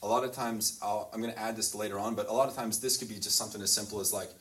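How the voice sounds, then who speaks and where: A man, a priest speaking to a group of boys at his school, in an easygoing, rambling way full of "like" and quick laughs. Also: lowish voice, steady tone, fairly bright tone, distant mic. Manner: chatty, full of "like" fillers, laughs often. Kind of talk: informal talk to a youth group. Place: boys' school in the US South.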